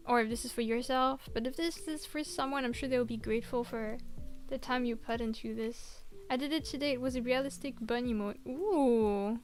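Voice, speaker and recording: A woman streamer chatting casually while she works, reading out viewers' messages and answering them encouragingly. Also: fairly high pitch. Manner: soft-spoken, reads chat aloud, encouraging. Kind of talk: casual chat while working.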